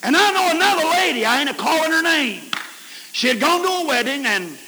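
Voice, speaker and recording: A man preaching a camp meeting sermon, telling folksy stories and swinging between shouts and hushed whispers. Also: very high-pitched, lively intonation, brisk. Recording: hissy 1990s recording in a reverberant hall.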